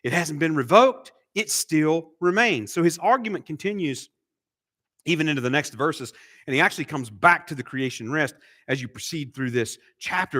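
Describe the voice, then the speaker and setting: A man's voice: medium pitch, bright, forceful tone. A middle-aged man preaching an expository sermon as pastor, asking rhetorical questions and repeating key phrases for emphasis. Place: church sanctuary.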